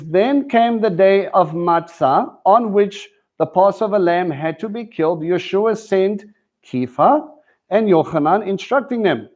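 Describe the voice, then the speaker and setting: In a rough recording, a man with a high-sitting, somewhat dark voice teaches a live sermon. He is a teacher at a Messianic congregation who preaches conversationally and regularly asks his audience questions.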